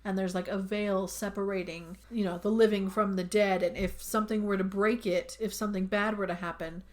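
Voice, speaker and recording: A young woman talks through a movie's plot in easygoing podcast chatter, dropping "like" into nearly every line. Her pitch sits in a middle range, neither high nor low for a woman. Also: steady tone, a little fast. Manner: chatty, peppered with "like". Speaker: podcast co-host. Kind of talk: casual movie recap.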